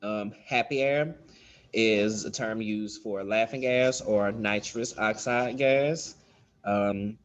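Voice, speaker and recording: Speaking slowly in a lower voice, a man teaches dental terminology casually, with plenty of fillers, and imitates how children and staff speak. The high frequencies of the recording are cut off.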